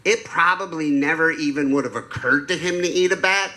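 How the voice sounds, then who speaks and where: A man doing a stand-up comedy set on a club stage, telling crude deadpan stories into a handheld mic. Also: fairly high pitch, brisk. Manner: deadpan storytelling with crude jokes.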